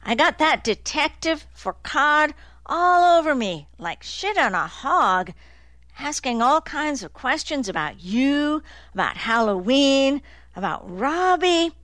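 A woman reading the lines of a big, slow-witted young man who grumbles and gets defensive. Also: high-pitched, sing-song, fairly bright tone, dry recording, voice pushed up, full character voice. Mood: sullen, grumbling.

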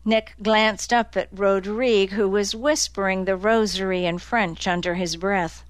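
Slow, smooth woman narrator. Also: mid-range voice, dry recording. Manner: even, measured reading. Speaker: audiobook narrator. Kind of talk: scripted narration.

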